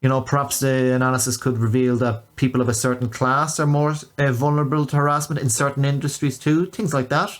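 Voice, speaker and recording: A man's voice: mid-range voice, fairly even intonation, fairly quick, hardly any pauses. A man hosting a spoken video essay critique, hesitant, with frequent restarts and filler words.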